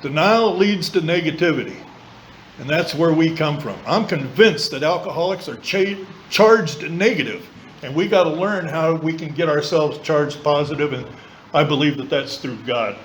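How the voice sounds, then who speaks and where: A man's voice: on the high side, moderate pace, a little hiss or hum, low-quality recording. Blunt, earthy man telling his story. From southern California. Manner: blunt, earthy and colloquial, with mild swearing; mimics voices of others in quoted lines. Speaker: AA meeting speaker. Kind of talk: personal recovery talk. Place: meeting room.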